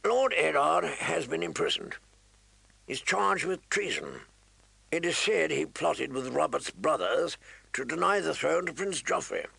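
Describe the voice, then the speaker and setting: A man doing a gruff, growling old commander. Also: on the high side, big pitch swings, measured pace, bright, forceful tone, dry recording, pitched above the performer's own voice, heavily acted.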